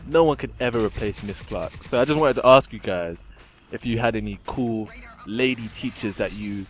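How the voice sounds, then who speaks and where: A man's voice: on the low side, moderate pace. A young man chatting casually and giggling while commenting over gameplay. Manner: chatty, giggly, rambling with fillers. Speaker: gaming commentator.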